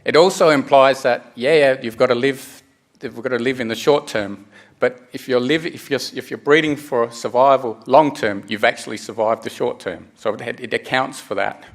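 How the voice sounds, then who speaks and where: A middle-aged man presents at a conference in a mid-pitched voice. He explains step by step and often stops to restart a phrase or fill a gap with "uh" and "um". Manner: halting, many restarts and fillers. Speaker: conference speaker. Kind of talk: technical presentation.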